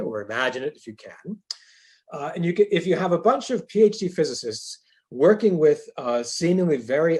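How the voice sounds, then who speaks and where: A man's voice: medium pitch, darkish tone, slightly rough. A male professor giving a university lecture in a conversational way, with dry humorous asides.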